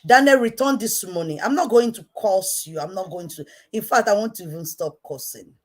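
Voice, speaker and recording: A woman with a Nigerian accent giving an impassioned rant to camera, repeating herself emphatically and swinging between quiet intensity and shouting. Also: lowish voice, animated, a little fast, slightly rough. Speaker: online commentator.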